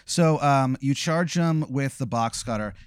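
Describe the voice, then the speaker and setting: A man's voice: mid-range voice, a little slow, clear, resonant tone, no room sound, clean studio sound. A man hosting and telling a vivid, profane, rambling hypothetical story to his guest. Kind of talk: improvised second-person storytelling.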